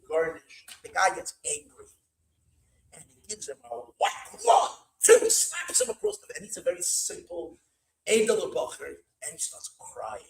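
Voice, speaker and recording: A man spins a story as a rabbi at an evening gathering, animated and full of repeats and Yiddish words. His voice runs high with wide swoops in pitch. The hall rings with echo. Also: gravelly.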